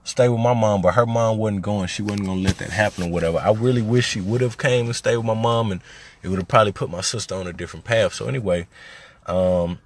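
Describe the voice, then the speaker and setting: Low-voiced man telling stories. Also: fast. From Little Rock, Arkansas. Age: 30s. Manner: loose and conversational, turns heated and emphatic when recounting frustrations. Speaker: podcast host. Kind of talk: casual storytelling monologue.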